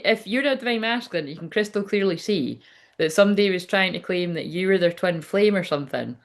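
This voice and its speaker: A woman's voice: on the low side, quick pace. A woman giving a casual, chatty tarot reading, swearing freely, laughing often and trailing off mid-sentence. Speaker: tarot reader.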